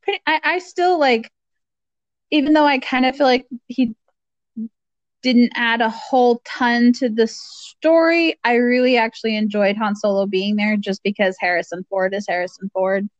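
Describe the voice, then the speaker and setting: A woman rambles hesitantly in casual podcast chat, laughing between thoughts. Her slightly high voice comes through a dull, lo-fi mic with a dry, close sound. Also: moderate pace, no echo. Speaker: podcast co-host.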